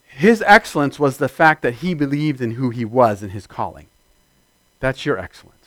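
A man preaching a sermon, building from steady teaching to loud shouted amens. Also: mid-range voice, moderate pace, dry recording. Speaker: pastor.

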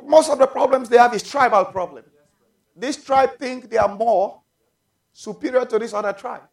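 A man preaching a sermon to his congregation, calling for amens and shouting out drawn-out phrases. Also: very high voice. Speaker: pastor.

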